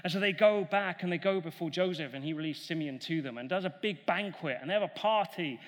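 A man preaching a sermon, retelling a story in an animated way and acting out the characters' voices. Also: a little high, brisk. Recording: long hall reverb.

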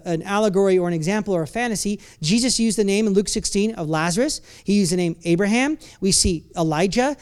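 At a church service, a pastor with a mid-range voice preaches a sermon that swings from quiet reflection to loud, emphatic bursts. He often restarts words and slips in playful asides.

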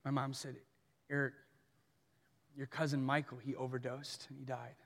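A man in his thirties preaching an earnest sermon as pastor, swinging between soft and forceful delivery. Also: medium pitch, flat delivery, normal speed, vocal fry. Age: 30s. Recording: long hall reverb.

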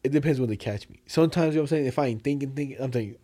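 A young man in casual chat, telling animated, slangy stories and acting out the other people in them. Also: mid-range voice, very fast. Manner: animated storytelling, slangy, acts out others' lines.

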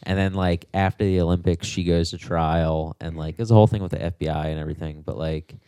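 A man's voice: low voice, steady tone, fast talker, dark tone, clear, resonant tone, dry recording. A young man in casual podcast chat, laid-back and rambling, saying "dude" and "like" a lot.

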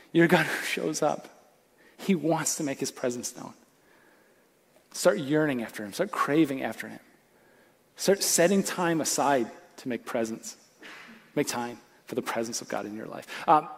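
A male pastor preaching a sermon in an animated, conversational way, full of casual fillers. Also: fairly high pitch. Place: church auditorium.

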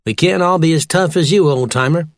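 A calm, easygoing young platypus detective with a wry edge, as a man puts him on. The voice is pitched a little high and recorded close and dry. He sounds like a storybook sidekick. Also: fairly quick, no room sound, close to an everyday voice.

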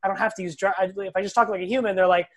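A man's voice: sits high, racing. A young man, a physical therapist as a podcast guest, talking casually and bluntly, acting out quotes and swearing now and then. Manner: blunt, animated storyteller who acts out quotes and swears.

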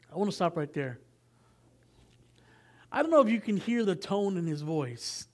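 A man's voice: high-pitched, lively intonation, a little slow, pauses often. Male pastor preaching, loose and chatty, keeps stopping to fix what he read. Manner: casual and conversational, with frequent fillers, asides and self-corrections. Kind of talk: sermon.

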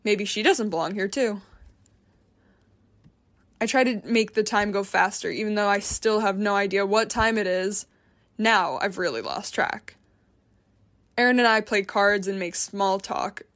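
A woman's voice: mid-range voice, unhurried, long pauses, a bit bright. A woman narrating a first-person memoir in a tense, frustrated, introspective way.

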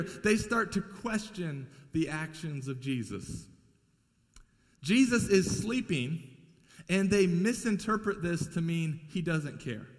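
A man's voice: high-pitched, fairly bright tone. A man preaching a sermon as pastor, emphatic and repeating key lines for weight. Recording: long hall reverb.

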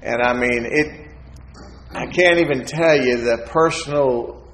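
A man gives a sermon testimony in a relaxed, folksy storytelling way, switching into the voices of the people he quotes. His voice sits at an ordinary middle pitch. The room around him is echoey. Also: slow. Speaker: preacher sharing testimony.

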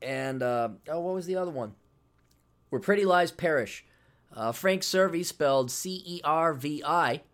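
A man's voice: a little high, a little slow, a bit bright. A middle-aged man talks casually and bluntly on his podcast. His tone is brash and sarcastic, and he swears freely as he promotes his books. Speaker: podcast host.

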